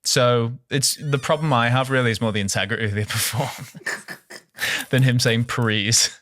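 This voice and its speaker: A man's voice: medium pitch, fairly even intonation, normal speed, a bit bright, dry recording. A young man co-hosting a podcast, chatting casually with sweary, laughing banter. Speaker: podcast co-host. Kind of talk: casual chat.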